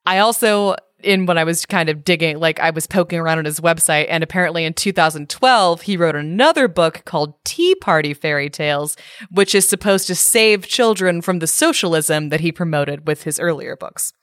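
A chatty, amused woman talks casually with a slightly low voice. The sound is dry and close, with no room echo. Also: expressive, normal speed, a bit bright. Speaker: podcast co-host. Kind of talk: casual chat.

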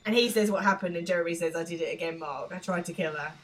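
A woman's voice: fairly low pitch, fast. A woman co-hosting a podcast, recapping a show in casual chat and often laughing as she acts out lines. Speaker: podcast co-host.

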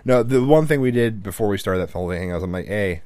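A man's voice: on the low side, animated, quick pace, mellow, no echo. A man co-hosting a podcast in casual chat, rambling and swearing freely with many restarts and fillers, sounding tired. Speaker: podcast co-host.

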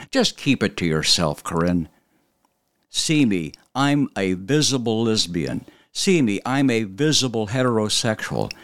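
A man hosting an opinion podcast, delivering an emphatic commentary monologue with sudden jumps in pitch. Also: no room sound. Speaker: podcast host.

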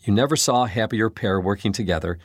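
A man narrating a storybook, reading expressively with an animated delivery. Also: fairly low pitch, fast, no echo, studio quality. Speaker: storybook reader.

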